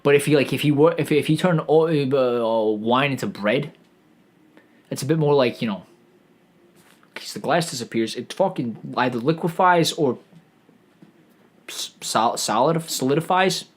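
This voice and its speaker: A man's voice: mid-range voice, moderate pace, pauses often. A man streaming a rambling, profane comedic rant, full of stammered restarts and swearing.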